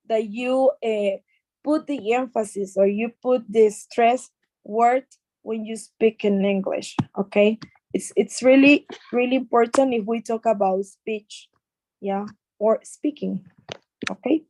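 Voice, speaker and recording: A woman's voice: on the high side, dark tone, no room sound, poor audio. A woman with a Mexican Spanish accent teaching an English class, explaining patiently with repeated words and fillers.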